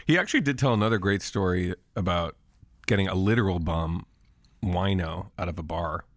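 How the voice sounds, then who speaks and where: A man co-hosting a podcast, calmly explaining film history in casual chat. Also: low voice, brisk, dry recording, studio quality. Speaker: podcast co-host.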